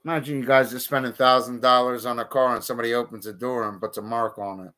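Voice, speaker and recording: A man's voice: medium pitch, steady tone, fast talker, bright, forceful tone. A man streaming a casual monologue, talking bluntly and profanely with heated outbursts.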